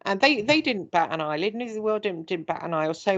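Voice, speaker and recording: A middle-aged woman from England, hosting a casual chat and telling her own story in an animated way, acting out what others said. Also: lowish voice, fairly quick, highs cut off. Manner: animated storyteller who acts out quoted speech.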